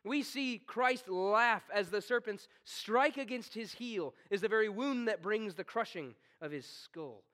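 A man with a notably high voice preaches a sermon. He drops into hushed, slowed passages and then climbs into stern, forceful commands. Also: lively intonation. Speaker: pastor.

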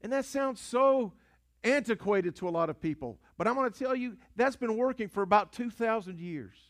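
A pastor with a fairly high male voice preaching a sermon. He tells stories and repeats himself, firing rhetorical questions and answering them himself. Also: expressive, normal speed. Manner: storytelling, repetitive, rhetorical questions and call-and-response.

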